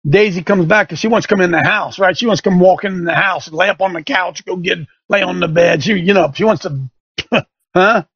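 A man's voice: high-pitched, fairly quick, creaky, fairly bright tone, breathy edge, no echo, dull audio. A middle-aged man hosting a show, telling a folksy story and turning it into an emphatic sermon-like lesson for listeners. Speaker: show host. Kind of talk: preaching radio monologue. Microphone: studio microphone.

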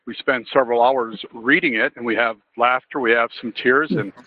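A man calling in to share a personal story in a relaxed, storytelling way. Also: medium pitch, normal speed, phone-quality sound. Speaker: caller. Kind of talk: sharing a story on a call-in show.

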